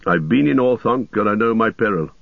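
A stern old wizard speaks with firm command in a low, dry voice, as a male narrator reads him. The storybook recording is dull and lo-fi. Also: lively intonation, a little fast, gravelly, no echo. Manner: commanding, loud when calling out.

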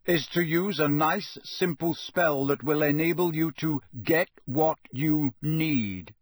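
A man voicing a gruff, blunt old male wizard in an audiobook reading, growling his lines in a husky voice. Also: on the high side, takes it slowly, no room sound, clean studio sound, voice pushed up.

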